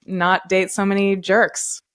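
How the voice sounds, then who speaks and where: A woman's voice: mid-range voice, flat delivery, takes it slowly, a bit bright. Chatty woman podcast host. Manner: chatty storyteller, many fillers. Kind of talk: casual podcast chat.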